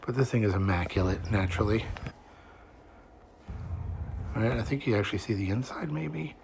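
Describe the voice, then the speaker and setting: A man narrating a video walkaround of his truck in a relaxed way, pointing out details as he goes. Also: on the low side, quick pace, gravelly, a little hiss or hum.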